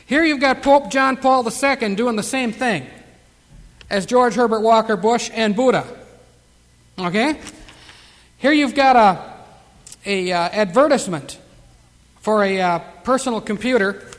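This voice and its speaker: A man preaching a sermon, reading scripture slowly and emphatically. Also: sits high, fairly bright tone. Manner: emphatic scripture reading, slow drawn-out verses. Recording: long reverb of a hall.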